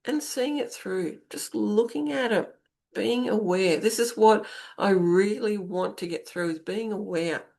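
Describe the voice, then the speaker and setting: A woman's voice: medium pitch, measured pace, vocal fry, a little mellow. Middle-aged woman coaching in spoken monologue. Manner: conversational, coaching, repeats phrases for emphasis. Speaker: podcast host and intuitive coach. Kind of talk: spoken self-help monologue.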